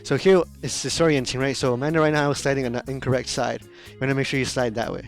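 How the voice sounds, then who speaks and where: A man's voice: medium pitch, steady tone, fast, creaky, faint music behind. A man teaching a beginner dance class, counting beats aloud and explaining steps casually with frequent fillers. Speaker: dance instructor. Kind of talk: live-streamed dance lesson, counting steps.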